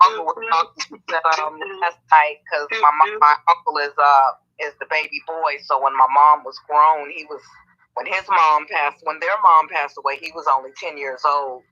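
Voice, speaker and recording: A man telling family anecdotes in a relaxed, conversational way, often restarting his sentences. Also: a little high, moderate pace. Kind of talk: casual conversational chat. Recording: dull lo-fi sound.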